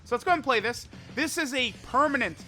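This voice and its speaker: A man's voice: very high-pitched, animated, fast talker, pushed and bright. A man giving casual commentary on a mobile game, rambling and thinking aloud with many fillers and restarts. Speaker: mobile game content creator.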